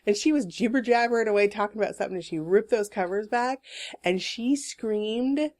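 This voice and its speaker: A woman co-hosting a casual chat podcast, telling a story in a lively, laughing way and swearing freely. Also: a little high, a little fast. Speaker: podcast co-host. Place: Portland, Oregon area.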